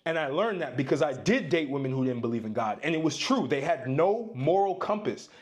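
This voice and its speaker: Man, casual personal storytelling, loose and conversational, fairly high voice. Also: lively intonation, brisk.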